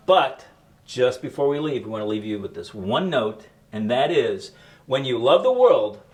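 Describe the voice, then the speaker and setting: Relaxed, chatty middle-aged man. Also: fairly low pitch. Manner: relaxed, explanatory, chatty with fillers. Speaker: host making a coffee cocktail. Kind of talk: casual cooking demo chat.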